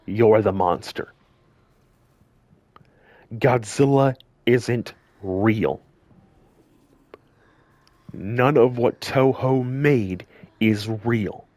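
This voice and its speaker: Male commentator, furious scolding rant, unhurried delivery, mid-pitched voice. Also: a little mellow, dry recording. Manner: scolding, heated, repeats himself for emphasis. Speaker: gaming channel commentator. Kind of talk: angry direct-to-camera rant.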